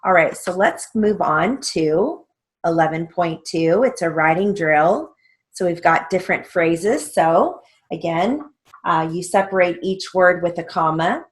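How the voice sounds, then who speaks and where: A woman's voice: lowish voice, animated. A woman teaching a steno theory lesson, patiently spelling out words letter by letter and checking in with "okay?". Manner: slow, patient, letter-by-letter dictation with frequent "okay?" check-ins.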